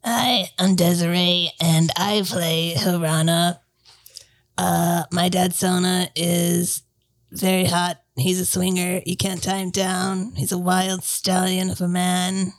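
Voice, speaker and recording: Woman, podcast player, slow pace, lowish pitch, jokey. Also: level tone, no echo. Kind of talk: casual podcast chat.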